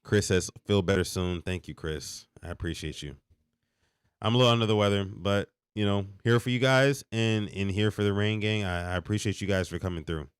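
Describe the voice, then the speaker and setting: A man hosting a late-night live sports reaction stream, hoarse and a little sick, ranting in an animated, exasperated way with frequent restarts. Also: fairly low pitch, brisk, dry recording, studio quality. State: hoarse, under the weather. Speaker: podcast host.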